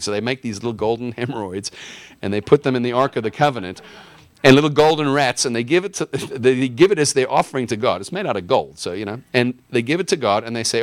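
A man's voice: medium pitch, a little fast, dry recording. A man teaching a casual Bible lesson from a map in an enthusiastic, chatty way, with fillers and restarts.

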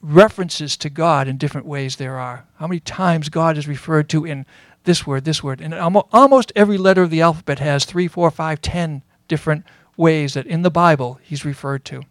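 A man giving a sermon as a Bible teacher, earnest and explanatory, pausing often with fillers. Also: a little high, dry recording.

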